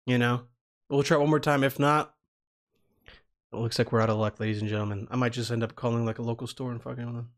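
A man's voice: medium pitch, fairly even intonation, fast. A man giving casual, offhand commentary between prank calls, swearing and laughing easily. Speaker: prank call streamer.

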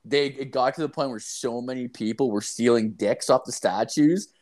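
A man's voice: mid-range voice, normal speed. Profane, rambling man telling a story. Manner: rambling, heavy profanity, constant "like" and "dude"; animated, acts out quoted lines. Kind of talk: casual storytelling chat.

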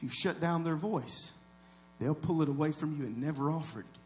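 A pastor gives a sermon at a fairly quick pace, with a little hiss or hum in the background. Addressing the congregation conversationally, he drops into quiet asides and climbs to loud shouts.

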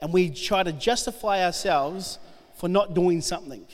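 A man delivers a sermon with a notably high voice, reading a Bible story and playing out its speakers. His words ring through a church hall with a long, lingering reverb. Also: normal speed. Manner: animated, acts out the Bible figures' lines. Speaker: preacher. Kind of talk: sermon reading scripture aloud.

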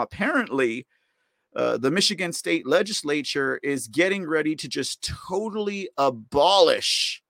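A man's voice: a little high, creaky, a bit bright, dry recording, studio quality. A man hosting a live podcast, rambling casually, mocking his targets with frequent laughs and reading viewer comments aloud. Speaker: podcast host.

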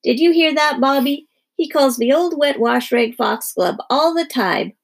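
A woman's voice: high-pitched, expressive, unhurried, creaky, voice pushed up, exaggerated voice. A woman voicing a whiny eight-year-old crybaby girl who bawls and sobs. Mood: whining. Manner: bawling, sobbing, wailing.

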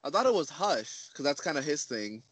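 A man's voice: fairly high pitch, big pitch swings, moderate pace, fairly bright tone, dry recording. A young man in casual chat as a podcast co-host, opinionated and matter-of-fact.

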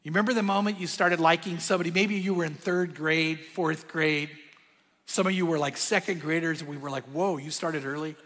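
A male pastor preaching a conversational sermon with bursts of energy and sudden hushed asides. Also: a little high, steady tone, a little fast, long reverb tail.

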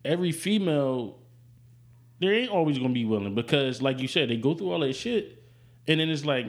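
A man's voice: medium pitch, animated, a little fast. Candid, profane man in casual chat. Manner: candid, profane, rambling with restarts. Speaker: podcast co-host.

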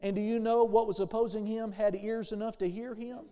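A man preaching a sermon with a high, mellow voice. He calls for amens and slips into the voices of the people he quotes. His words ring out into a hall with a long tail of reverb. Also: flat delivery, fairly quick. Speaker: pastor.

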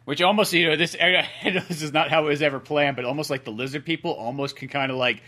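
A man's voice: on the high side, steady tone, fast, pushed and bright. A man co-hosting a podcast in casual, profane chat, laughing often and slipping into goofy voices. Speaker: podcast co-host.

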